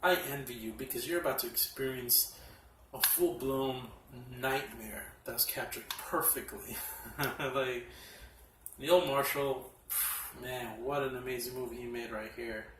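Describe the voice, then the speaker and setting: A man casually reviewing horror films from his collection, excitable and profane, often laughing as he talks. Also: medium pitch, a little slow, a little hiss or hum. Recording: echoey room, mic at a distance.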